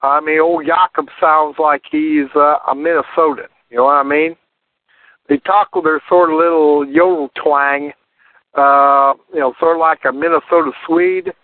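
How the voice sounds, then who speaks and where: A man's voice: on the high side, steady tone, moderate pace, dry recording. An American man hosting a radio call-in show, asking meandering, chatty questions. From United States. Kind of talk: casual call-in chat. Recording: dry tinny phone-like line.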